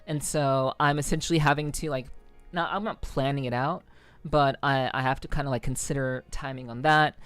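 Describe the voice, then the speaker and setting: A woman's voice: very deep voice, fairly even intonation, moderate pace, clean tone, no echo, soft background music. A young woman live streamer in casual chat with her viewers, rambling with frequent restarts.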